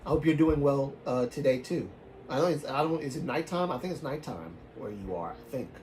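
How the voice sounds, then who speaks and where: A man's voice: mid-range voice, animated, fairly quick, slight background noise. A man with a Southern US accent telling a story on a livestream in a rambling, casual way, often restarting and trailing off. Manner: rambling, frequent self-restarts, trailing off softly.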